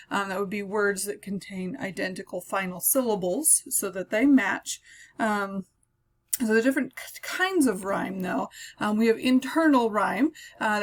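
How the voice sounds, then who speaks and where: A woman teaching a recorded lecture on poetry, explaining terms step by step with frequent ums and uhs. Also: mid-range voice.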